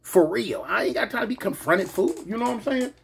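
A man casually telling a personal story to his viewers, animated and full of slang, often asking "you know what I'm saying". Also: high-pitched, a little fast, vocal fry, slight background noise.

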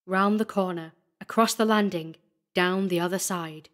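A woman narrating a classic horror story in a deliberate, scripted storytelling manner. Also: on the low side, steady tone, fairly bright tone.

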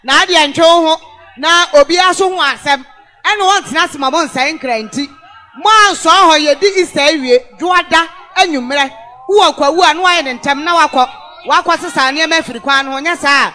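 Very high-voiced man giving fiery commentary. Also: fairly quick. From Ghana. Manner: emphatic, rising to shouts for stress, repeats words for effect. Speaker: radio-TV news review host. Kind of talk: animated news commentary.

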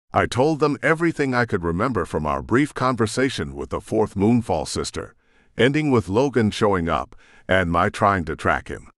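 A man narrating a first-person audiobook in a gruff, brooding way. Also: fairly low pitch, very animated, moderate pace, fairly bright tone, no room sound, clean studio sound.

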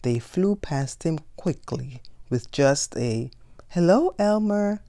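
Slow low-voiced woman reading a storybook. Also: gravelly. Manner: slow, expressive, gentle storytelling. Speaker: storyteller, channel host. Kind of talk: picture book read aloud.

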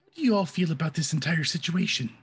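Raspy-voiced man player. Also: fairly high pitch, expressive, fast talker. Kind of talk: role-playing at a game table.

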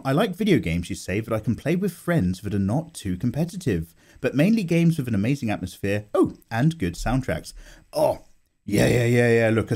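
A young art YouTuber with a mid-range, breathy-edged voice chats casually while drawing on his channel. He's animated and self-mocking, swearing and laughing as he goes, recorded at home on a condenser mic.

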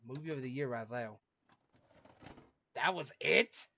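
A man giving joking, slangy commentary over a game, laughing often and swinging between loud outbursts and mutters. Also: mid-range voice, measured pace, gravelly, slight background noise. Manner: goofy, slangy, laughs a lot, jumps loud and quiet. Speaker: gaming streamer.

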